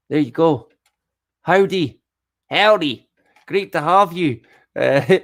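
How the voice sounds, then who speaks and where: A middle-aged Scottish man chatting casually on a live stream, swearing freely and joking at his own expense. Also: mid-range voice. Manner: swears a lot, chatty and self-deprecating.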